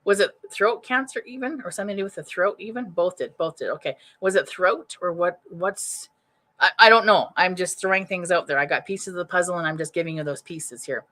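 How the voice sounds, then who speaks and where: A woman giving a psychic reading over a live stream. Her voice sits a little low but comes across bright and forceful. She rambles and restarts as she thinks aloud, chatty and informal. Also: a little fast. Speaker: psychic medium. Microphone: webcam or computer mic.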